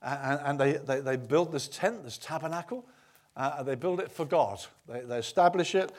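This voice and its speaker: A man preaching a sermon, retelling a story with swings from quiet to loud and many restarts. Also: on the high side, moderate pace.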